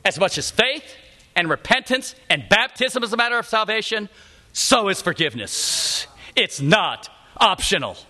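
A middle-aged man preaching a sermon in a church, speaking emphatically and slowing down to stress repeated phrases. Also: high voice, expressive, bright, forceful tone. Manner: emphatic, repetitive preaching with slowed punchlines. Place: church sanctuary.

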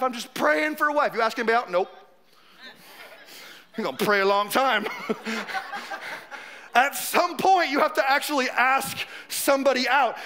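A man's voice: very high-pitched, bright, forceful tone. A man in his forties preaching a sermon as pastor. He talks in a casual, joking way and acts out little scenes. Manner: conversational, joking, acts out quotes.

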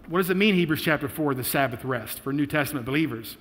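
A male pastor preaching a sermon, emphatic and animated, acting out the people in his stories. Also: on the high side, quick pace, hardly any pauses, big-room sound, music in the background. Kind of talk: sermon with storytelling.

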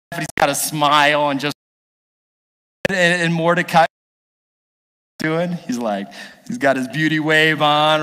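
A man preaching a sermon as pastor, telling a story with lively acted-out character voices. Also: sits high. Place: church sanctuary. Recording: long hall reverb from a church.

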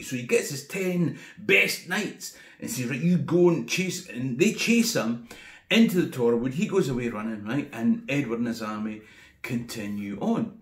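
A man's voice: medium pitch, reverberant. A man with a Scottish accent telling a comic history tale in a chatty way full of wry asides. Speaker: history tour guide storyteller. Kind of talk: casual comic storytelling.

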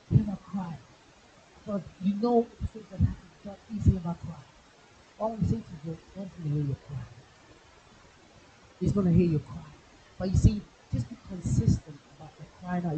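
Man, evangelist, high voice, very mellow tone, muffled church recording, faint hiss. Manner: fervent, repetitive pleading prayer. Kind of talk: sermon with prayer and tongues. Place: church hall.

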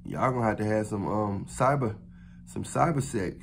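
A man's voice: fairly low pitch, moderate pace, gravelly, slight background noise. A man talking to camera in a casual, unscripted advice vlog. He rambles loosely, with many fillers, restarts and slangy phrasing. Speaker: vlogger giving dating advice.

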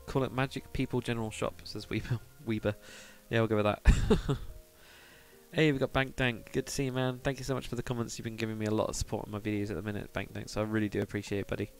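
Guy streaming a build, low-ish voice, mutters along, answers chat, quiet music underneath. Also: flat delivery, fast talker. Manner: rambling, thinks aloud, mutters to himself; reads out and answers viewer chat. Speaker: live streamer. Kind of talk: casual live stream chat while building in a game.

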